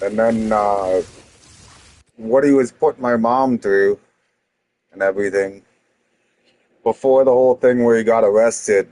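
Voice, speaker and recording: A man's voice: fairly low pitch, measured pace, pauses often, a little mellow, poor audio. A young man, a streamer telling a heated story to his chat, swearing often and restarting his sentences.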